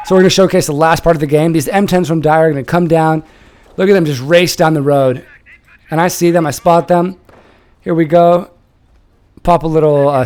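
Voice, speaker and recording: A young man shoutcasting a strategy game he played in, casual and animated, swearing and laughing. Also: on the high side, clean tone.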